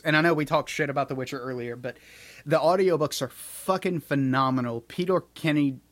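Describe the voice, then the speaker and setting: A man's voice: medium pitch, no room sound. Rambling man on a dry close mic. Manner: rambling, filler-heavy, restarts often. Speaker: podcast co-host. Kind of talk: casual chat.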